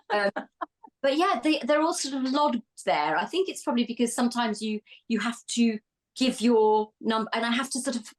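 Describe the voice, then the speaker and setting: A woman's voice: fairly high pitch, animated, normal speed. A woman co-hosting a casual chat, reminiscing in a rambling way.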